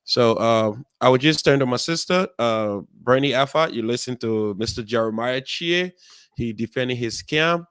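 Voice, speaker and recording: A man hosting a call-in talk show, measured and steady, with many fillers. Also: mid-range voice, clear, resonant tone, dry recording. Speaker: host.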